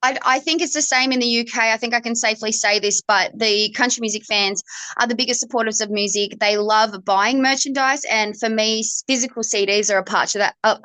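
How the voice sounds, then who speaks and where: A woman's voice: mid-range voice, dry recording. A young adult woman with an Australian accent, a country-pop singer telling stories in a casual interview and acting out the voices she quotes. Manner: animated storyteller, acts out quoted voices.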